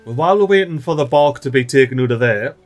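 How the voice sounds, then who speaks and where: A man giving excitable, chatty let's play commentary and talking to the little characters in his game. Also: medium pitch, fast talker, faint music behind. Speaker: gaming channel host.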